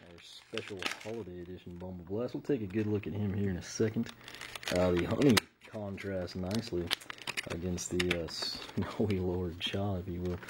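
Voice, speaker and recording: A man with an American accent, reviewing a toy in casual unboxing commentary, relaxed and rambling, and losing his voice. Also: low-pitched, moderate pace, background noise. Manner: relaxed and rambling, with frequent uh fillers.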